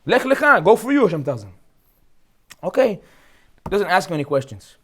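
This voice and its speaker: Animated high-voiced rabbi with a Brooklyn accent. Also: male voice, moderate pace, breathy edge. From Brooklyn, United States. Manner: joking, full of rhetorical questions. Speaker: rabbi teaching a weekly class. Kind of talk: lively Torah class talk.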